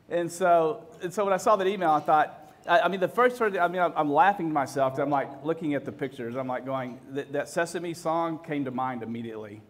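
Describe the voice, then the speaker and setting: A man in his fifties tells stories to a room, his voice sitting a little high for a man. He jokes at his own expense, restarts his sentences often and acts out little bits of dialogue as he goes. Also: animated, moderate pace. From Texas. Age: 50s. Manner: self-deprecating, joking, full of restarts and quoted dialogue. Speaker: speaker. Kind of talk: storytelling talk to an audience.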